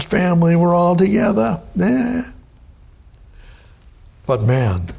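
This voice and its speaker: A man's voice: on the high side, creaky, darkish tone. A man preaching a sermon from the Bible, speaking emphatically and repeating his key words.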